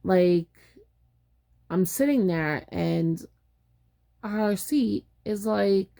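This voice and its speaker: A woman's voice: mid-range voice, very slow, creaky, mellow. A woman casually telling a personal story in a chatty, exasperated way, acting out what people said. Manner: chatty, exasperated retelling with acted-out quotes.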